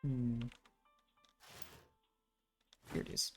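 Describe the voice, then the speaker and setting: Rambling let's-play gamer with soft music. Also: normal speed. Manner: rambling, trails off and restarts thoughts. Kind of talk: casual game commentary.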